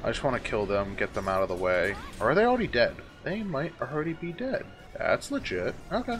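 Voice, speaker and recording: A man's voice: mid-range voice, huge pitch swings, fairly quick, fairly bright tone, faint music behind. A man giving casual let's-play commentary, exasperated and swearing often as he talks back at the game. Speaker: gaming YouTuber.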